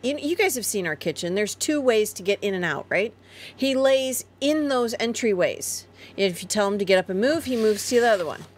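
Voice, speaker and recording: A woman's voice: mid-range voice, lively intonation, normal speed. A woman co-hosting a casual live chat, reading viewer comments and chatting about the family's pets. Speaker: co-host of a family homestead livestream.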